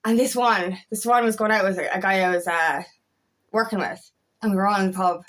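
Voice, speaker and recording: A woman in her thirties, a feminine empowerment life coach, gives a frank, casual motivational monologue, swearing freely and often repeating herself. Her mid-range voice is fairly bright, fairly quick, and fairly even in intonation.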